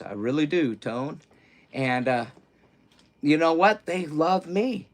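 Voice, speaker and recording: A middle-aged man chats on his livestream in a rambling, candid way, his voice sitting in an ordinary middle pitch. He stumbles and repeats words, sinking to near-whispers when sad and leaping up loud when excited. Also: moderate pace. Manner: rambling and candid, swinging between hushed grief and loud excitement; self-interrupting, repeats words. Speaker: livestream host. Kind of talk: casual livestream chat.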